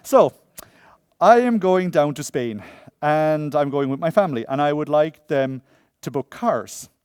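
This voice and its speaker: Guy giving a conference talk, jokey, acts out voices in his stories, bit high pitched, dry close sound. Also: takes it slowly, long pauses, clean tone, dry recording. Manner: jokey, tells funny stories; animated, acts out quoted voices. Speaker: conference speaker. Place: conference room before an audience.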